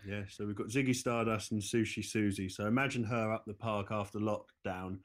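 A man's voice: on the low side, steady tone, fairly quick. Dry-joking British man co-hosting. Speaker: podcast co-host. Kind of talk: casual chat.

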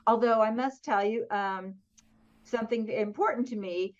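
A middle-aged woman from southwestern Pennsylvania, talking in a chatty, joking way and laughing often. Her voice sits fairly high. The video call audio is a little dull and lo-fi. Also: normal speed. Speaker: author and guest. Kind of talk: casual interview chat.

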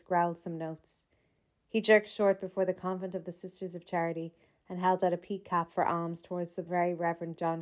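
Woman, literary audiobook narrator, lowish voice, measured reading, slightly muffled lo-fi sound. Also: darkish tone. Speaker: audiobook reader.

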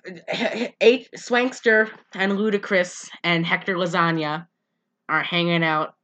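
Bright-voiced sarcastic woman podcaster. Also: lowish voice, fairly even intonation, measured pace, dull audio. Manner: sarcastic, profane, exasperated, laughs often. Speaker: podcast co-host. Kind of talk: casual movie-recap podcast chat.

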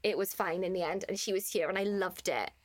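A young woman, co-hosting a podcast and telling stories in a lively, laughing way. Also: mid-range voice, fairly quick. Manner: animated, laughing storyteller. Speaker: podcast co-host. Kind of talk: casual chat.

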